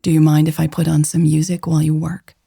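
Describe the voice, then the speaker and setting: A woman voicing a calm, affectionate woman who talks in a low, easy, gently teasing way. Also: quick pace, gravelly, breathy edge, dry recording, studio quality, full character voice. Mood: easygoing.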